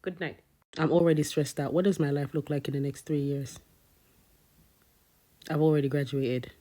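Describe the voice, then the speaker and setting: A woman's voice: sits low, steady tone, normal speed, dark tone. A young woman doing comedic rants and mock courtroom sentencings with an exasperated, sarcastic delivery. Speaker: comedy content creator.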